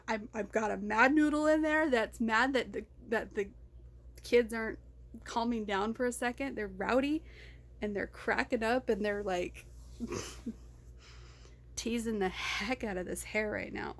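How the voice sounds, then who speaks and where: A woman records an unedited personal video diary, talking straight to the camera. Her voice sits a little high for a woman. She wanders off topic, stops herself mid-thought and laughs easily as she goes. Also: measured pace. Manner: distracted, rambling, laughs often. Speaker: vlogger.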